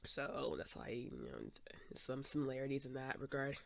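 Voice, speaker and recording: A woman's voice: very deep voice, sing-song, moderate pace, vocal fry, a little hiss or hum. A woman hosting a podcast in a casual, meandering chat while she draws, with lots of "um" and "like". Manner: chatty, meandering, full of "um" and "like". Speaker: podcast host.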